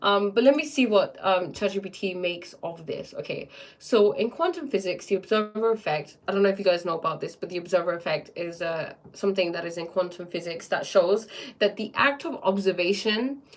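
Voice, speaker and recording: Woman host for a casual spiritual livestream; excitable, rambling, filler-heavy, keeps checking in with chat. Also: medium pitch, fairly quick. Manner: rambling and excitable, many fillers and tag questions.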